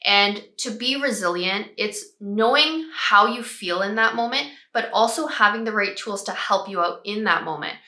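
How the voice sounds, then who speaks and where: A woman, a child behavior expert, calmly explaining parenting strategies and modeling phrases parents can use. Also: medium pitch, normal speed, hardly any pauses, roomy sound. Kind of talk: parenting advice talk.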